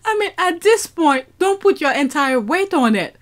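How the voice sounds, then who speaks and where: Giggly high-voiced woman. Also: very animated, moderate pace. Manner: keeps breaking into helpless laughter. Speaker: vlogger reacting to a clip. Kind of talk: casual reaction commentary.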